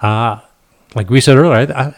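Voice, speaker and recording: Male radio host, steady and plain, wraps up the show. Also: medium pitch, moderate pace, creaky. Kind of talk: show wrap-up announcing.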